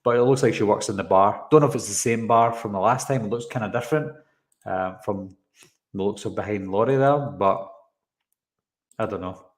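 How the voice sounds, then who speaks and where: Man, low voice, casual live-stream host, rambling, answers chat, echoey room. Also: moderate pace. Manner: rambling, goes off on tangents, reads and answers chat comments. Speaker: live-stream host breaking down a film trailer. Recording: roomy echoey room sound.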